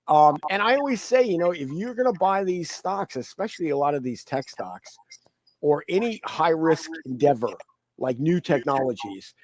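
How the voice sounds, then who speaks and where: Animated man talking markets. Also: moderate pace, dry recording, low-quality recording. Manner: animated, repeats words, acts out quoted people in high mocking voices. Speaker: guest commentator. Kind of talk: casual conversational interview.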